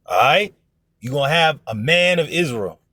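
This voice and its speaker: A man's voice: a little high, lively intonation, moderate pace, sharp tone, no room sound, studio quality. A man preaching informally to an online audience, blunt and profane, who acts out other people's voices in his stories. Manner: blunt, profane, emphatic exhortation. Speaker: religious teacher.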